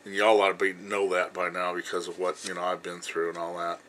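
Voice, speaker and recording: A man in his fifties telling a personal story to his viewers in a blunt, rambling way, swearing freely and filling pauses with "you know". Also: low voice, monotone, a bit bright, a little hiss or hum, low-quality recording. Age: 50s. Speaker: vlogger.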